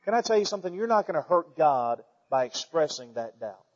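A man with a high voice preaches a sermon, reading verses and then pressing his points with fervent, repeated emphasis. The sound is dull and lo-fi, with a long reverb that rings through a large hall. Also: big pitch swings, brisk, darkish tone. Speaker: pastor.

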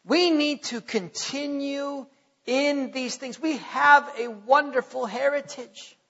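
A man preaching a sermon as pastor, emphatic, repeating phrases and slowing down dramatically for emphasis. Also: very high-pitched, creaky, pushed and bright. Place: church sanctuary. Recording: dull sound with long church reverb.

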